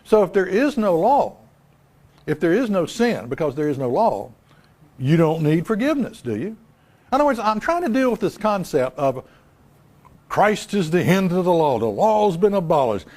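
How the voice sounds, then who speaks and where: A man's voice: high-pitched, darkish tone. A man preaching a live sermon, emphatic, asking rhetorical questions and repeating key lines. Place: live church service.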